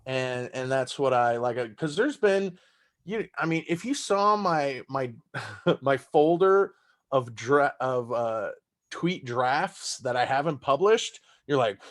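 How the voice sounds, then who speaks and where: A man's voice: mid-range voice, expressive, unhurried. A man from Texas with a Southern accent, a stand-up comedian chatting loosely on a podcast, swearing and laughing as he tells stories. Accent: Southern American. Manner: loose, profane, laughing storyteller. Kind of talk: casual podcast chat.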